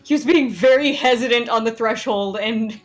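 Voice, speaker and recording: A woman's voice: on the high side, moderate pace. Chatty amused woman player. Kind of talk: casual tabletop role-play.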